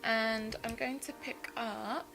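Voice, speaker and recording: Speaking slowly in a steady, higher-pitched voice, a woman in her twenties eagerly narrates a casual step-by-step makeup tutorial. Background music accompanies her, and the recording quality is low.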